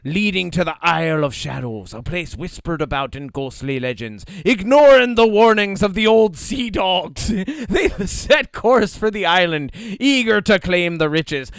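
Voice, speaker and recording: A man's voice: high-pitched, gravelly, fairly bright tone, clean tone, dry recording, heavily acted. A man voicing a hammy pirate storyteller, reading a spooky tale in an exaggerated theatrical pirate manner. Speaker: podcast co-host.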